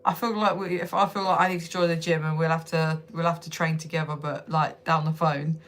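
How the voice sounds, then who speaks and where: A woman's voice: low voice, flat delivery, brisk, a bit bright, slight background noise. Chatty woman swearing freely on a live stream. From United Kingdom. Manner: chatty, swears freely, laughs often, answers comments directly. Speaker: livestream host. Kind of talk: casual live chat with viewers.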